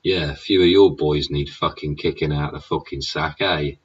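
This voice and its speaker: A man's voice: extremely low pitch, fairly even intonation, moderate pace, husky, far from the mic. An English man in a sweary, sneering political rant, throwing in "yeah?" and "innit?" as he goes. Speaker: vlogger. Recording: dull sound, away from the mic.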